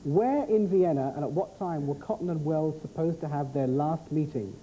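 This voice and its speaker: Quiz host guy, high but mellow voice, quick jokey patter. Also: slight background noise, rough recording. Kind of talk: scripted TV quiz hosting.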